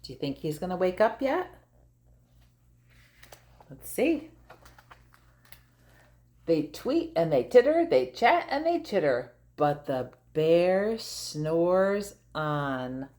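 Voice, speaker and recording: An older woman reading a picture book aloud to her grandchild, gentle and playful, pausing to ask questions. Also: mid-range voice, wildly swooping pitch. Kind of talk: storybook read-aloud to a child.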